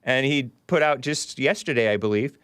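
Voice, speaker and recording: A man's voice: mid-range voice, moderate pace, fairly bright tone, smooth, dry recording, studio quality. A man hosting a talk show, giving rambling, sarcastic political commentary with scornful asides.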